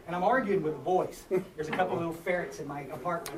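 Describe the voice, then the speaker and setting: A man's voice: on the high side, steady tone, fast. Folksy man in an echoey hall. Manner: folksy, rambling, self-mocking, with lots of fillers. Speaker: speaker at a recovery workshop. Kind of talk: personal share to a live group. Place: meeting hall. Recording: echoey room, far from mic, noisy.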